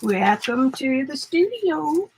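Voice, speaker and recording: A woman's voice: sits high, very animated, takes it slowly, slight background noise. A woman with an Arkansas accent hosting a live art stream from her home studio, chatting casually and poking fun at herself while she works. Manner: chatty, self-deprecating, talks while working. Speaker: art livestream host. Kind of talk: casual livestream chat.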